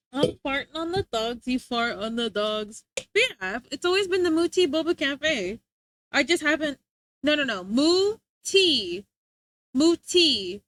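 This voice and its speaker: A young woman streaming live, chatting casually with viewers, giggly, excitable and rambling. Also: high-pitched.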